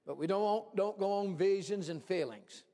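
High-voiced preacher, booming hall. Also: male voice, normal speed. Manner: folksy, animated, swings from hushed to shouting. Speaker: pastor. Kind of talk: sermon. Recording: long hall reverb.

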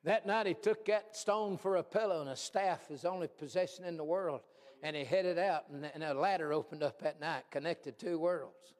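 A man pastor preaching a folksy, animated sermon, swinging from hushed asides to shouts. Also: on the high side, moderate pace. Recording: long hall reverb.

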